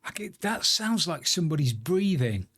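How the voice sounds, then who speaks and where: A man's voice: a little high, sing-song, normal speed, a bit bright, slightly rough. A man chatting casually and joking at his own expense while he streams a video game. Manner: chatty, self-deprecating banter. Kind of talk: casual live-stream commentary while gaming.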